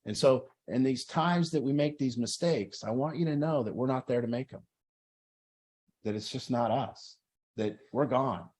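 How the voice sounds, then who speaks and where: A man's voice: mid-range voice, moderate pace, darkish tone. A man talking earnestly to a recovery group, acting out people's inner voices as he explains. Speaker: group facilitator. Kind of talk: motivational group talk.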